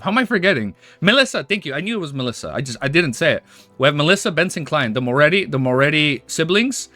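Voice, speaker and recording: Young man, high voice that leaps around, bright and tense tone, excitable, stumbling over words, casual stream chat. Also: brisk, dry recording, soft background music. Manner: excitable, restless, trips over his words. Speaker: streamer reading and reacting to a web novel.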